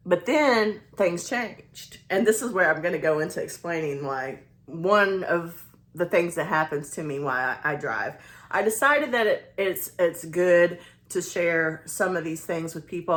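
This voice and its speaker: A vlogger in her forties with a Southern US accent speaks in a lowish, fairly bright voice. She tells a casual, confiding story in a rambling way, restarting often.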